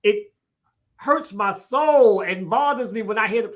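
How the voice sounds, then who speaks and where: A middle-aged man talking casually and bluntly as a podcast guest, animated and quick to laugh. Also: high-pitched. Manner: blunt, animated, laughs and shouts while telling stories. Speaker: podcast guest, youth worker. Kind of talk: casual chat.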